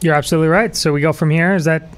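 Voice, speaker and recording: Halting man co-hosting a podcast. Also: a little high, steady tone. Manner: halting, many restarts and fillers. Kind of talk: casual podcast talk.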